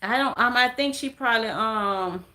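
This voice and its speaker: A woman's voice: a little high, moderate pace, pushed and bright. A woman hosting a casual livestream, ranting bluntly and with lots of swearing as she talks straight to her viewers. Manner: blunt, profane, emphatic ranting. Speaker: livestream commentator.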